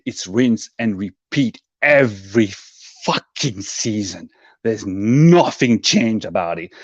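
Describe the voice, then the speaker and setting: A man phoning in to vent, angry and sweary, clearly fed up. The call sounds a little dull and lo-fi, dry with no room. His pitch sits in the middle. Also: no echo. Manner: angry, sweary, exasperated ranting. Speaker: caller. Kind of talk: angry fan rant on a call-in. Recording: slightly dull call-in audio.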